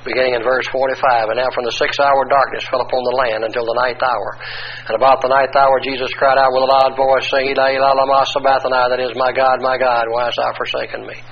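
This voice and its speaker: A man preaching a sermon, reading long scripture passages aloud and pausing to explain them. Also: medium pitch, level tone, highs cut off, slight background noise. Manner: reads passages then explains, corrects himself.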